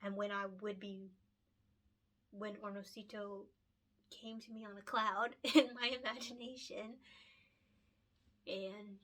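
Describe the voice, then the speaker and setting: A woman's voice: mid-range voice, flat delivery, takes it slowly, pauses often, fairly bright tone. Emotional, chatty young woman author. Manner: heartfelt and emotional, lots of fillers, laughs often. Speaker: picture book author and illustrator. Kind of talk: casual solo chat to camera.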